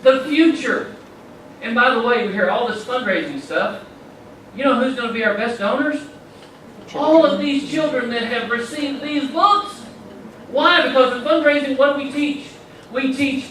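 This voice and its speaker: This man has a very high, fairly bright voice as he delivers a rousing motivational keynote at a conference, mixing preaching with stories. Captured from far off in a big, echoing hall, there's a little background noise.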